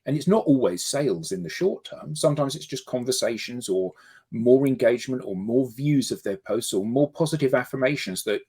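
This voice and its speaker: A man's voice: medium pitch, lively intonation, fairly quick, mellow, husky. A man on a casual panel discussion, emphatic and rhetorical, arguing his point through questions.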